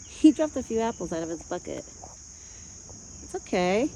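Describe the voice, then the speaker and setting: A vlogger feeding a deer outdoors, switching between soft, sing-song baby talk to the animal and relaxed, chatty asides to the viewer. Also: mid-range voice, normal speed, slight background noise. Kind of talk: casual vlog narration mixed with talk to an animal. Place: outdoors in a rural yard. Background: crickets and faint outdoor ambience.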